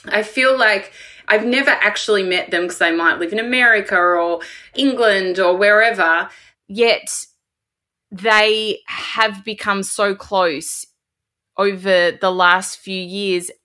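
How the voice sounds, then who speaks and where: A woman's voice: mid-range voice, slow pace, pushed and bright. A woman with an Australian accent, a podcast host being interviewed over a video call, speaking in an enthusiastic, heartfelt way. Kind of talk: casual interview chat.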